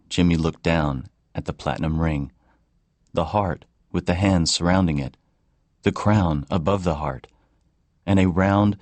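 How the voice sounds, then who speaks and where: A man narrating an audiobook in a calm, even reading. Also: sits low, no room sound. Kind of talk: scripted narration. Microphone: close studio mic.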